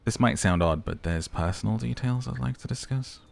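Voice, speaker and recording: A man voicing a male detective who has lost his memory, speaking in a halting, flustered way. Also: medium pitch, gravelly.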